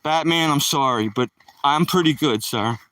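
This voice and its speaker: A man's voice: fairly high pitch, normal speed, sharp tone, dry recording, far from the mic, rough recording. A man putting on a clumsy Australian accent for a jokey, friendly greeting, recorded outdoors with the phone a little away from him. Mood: playful.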